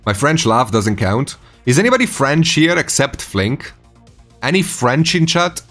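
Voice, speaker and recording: Lively teasing man in his forties. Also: mid-range voice, a little slow, soft background music. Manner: animated and teasing, laughs often. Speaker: streaming host. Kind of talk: casual live-stream chat.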